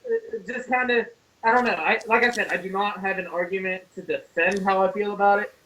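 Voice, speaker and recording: A man's voice: high-pitched, steady tone, brisk, bright, forceful tone, recorded from a distance, rough recording. A man guest chatting over a video call, easygoing and a little hesitant, swearing freely. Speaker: interview guest.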